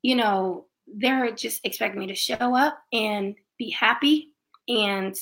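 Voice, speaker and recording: A woman's voice: fairly high pitch, takes it slowly, gravelly, fairly bright tone. A woman in her forties, a musical theater performer recovering from throat surgery, telling her story in a candid, reflective way. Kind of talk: casual conversation.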